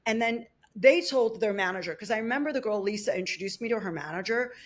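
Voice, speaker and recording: A woman who works as a life coach, telling her story as a podcast guest in a quick, animated way, with many restarts. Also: mid-range voice. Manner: acts out other people's words in shifting voices. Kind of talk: casual storytelling interview.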